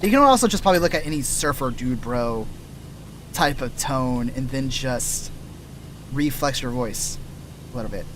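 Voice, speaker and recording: A man's voice: mid-range voice, expressive, normal speed, a bit bright. Scratchy-throated man rambling on stream. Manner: rambling, trails off and restarts mid-sentence; explains voice-acting technique like a casual teacher. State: dry, scratchy throat from thirst. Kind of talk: rambling gameplay stream chat.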